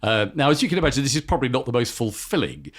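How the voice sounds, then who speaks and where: A man's voice: mid-range voice, very animated, very fast, husky. A middle-aged man, a company chief executive telling anecdotes as a podcast guest, a self-confessed talker. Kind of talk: casual storytelling interview.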